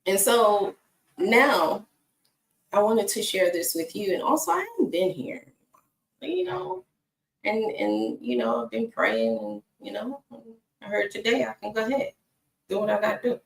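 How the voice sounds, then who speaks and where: Lively woman in an echoey room. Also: mid-range voice, a little slow, creaky, long pauses, far from the mic, slight background noise. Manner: conversational, talks to her dog between points. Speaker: inspirational speaker. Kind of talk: casual faith talk. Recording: echoey room, away from the mic.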